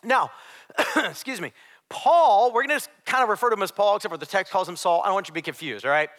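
A male pastor preaching to his congregation in a long-reverberant church hall. His voice sits high and bright, and he moves between emphatic points and chatty asides in an easygoing sermon style. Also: expressive, quick pace. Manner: emphatic, conversational preaching with side notes. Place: church sanctuary.

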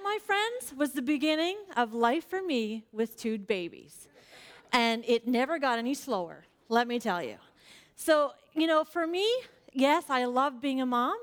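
A woman in her forties speaks to a congregation with earnest, chatty warmth of story. Her voice sits a little high for a woman. She leans on casual fillers as she tells her stories and prays. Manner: frequent fillers like "like". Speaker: church speaker. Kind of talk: personal sermon with prayer.

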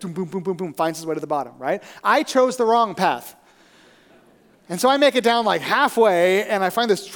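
Animated high-voiced preacher in a hall. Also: male voice. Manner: animated, conversational, asks "right?" often. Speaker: pastor. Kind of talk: storytelling sermon. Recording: reverberant hall.

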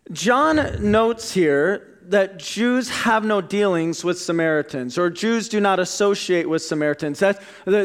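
A man preaching a sermon as a pastor, deliberate, dropping to a hushed voice on key words. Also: sits high, clear, resonant tone.

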